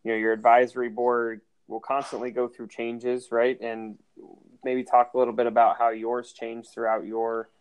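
A man's voice: mid-range voice, monotone, normal speed, clean tone. A man interviewing guests, asking prompting questions in a casual way. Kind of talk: conversational interview. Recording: slightly dull audio.

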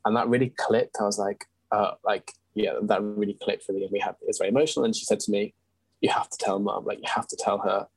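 A young man speaks with a low, slightly husky voice. He tells a personal story earnestly and candidly as an interview guest, with ums and restarts along the way. The recording is dry and close, with no room sound. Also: steady tone, quick pace, no room sound, rough recording. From England.

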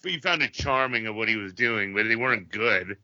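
A man's voice: fairly low pitch, fairly quick, pushed and bright, no echo. A man co-hosting a casual podcast, putting questions to the others and giving blunt opinions. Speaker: podcast co-host. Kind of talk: casual chat. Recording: dry, dull lo-fi audio.

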